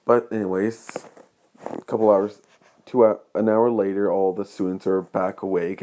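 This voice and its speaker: A man's voice: low-pitched, a little mellow. A man improvising a fan story as narrator, rambling with many restarts.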